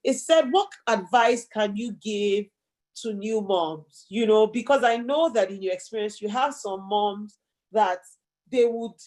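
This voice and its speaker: A woman's voice: mid-range voice, measured pace, a little mellow. A woman hosting an interview, affirming her guest and asking long, rambling questions. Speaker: host. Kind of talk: interview chat.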